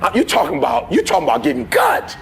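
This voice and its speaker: Male motivational speaker with a very high voice, fervent and shouting, plainspoken, faint music behind. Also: wildly swooping pitch, fast, gravelly. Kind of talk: impassioned motivational speech.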